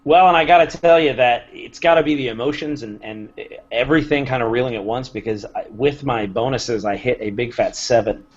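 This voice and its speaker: A man playing in a tabletop game, chatting casually and haltingly about his dice rolls. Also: mid-range voice, highs cut off. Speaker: player.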